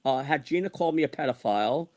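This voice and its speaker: A man's voice: on the high side, animated, fast talker, darkish tone. Exasperated ranting man in his sixties. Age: 60s. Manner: exasperated, repetitive, venting. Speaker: online streamer. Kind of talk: ranting monologue.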